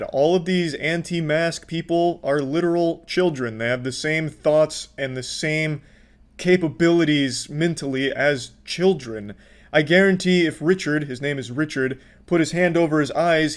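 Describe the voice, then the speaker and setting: Guy roasting people in videos, foul mouthed and mocking, kinda high pitched. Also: measured pace. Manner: profane, mocking. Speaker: host reacting to clips. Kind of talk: sarcastic commentary.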